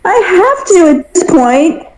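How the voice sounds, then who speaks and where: A woman's voice: extremely high pitch, very animated, takes it slowly, noisy background. A woman player in a tabletop game, chatty and giggly.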